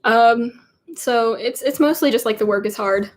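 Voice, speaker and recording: A woman's voice: on the high side, normal speed, a little hiss or hum. A teenage girl rambling in a giggly, chatty way while answering viewer questions on a casual livestream. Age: teens. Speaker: livestream host. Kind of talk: casual live Q&A chat.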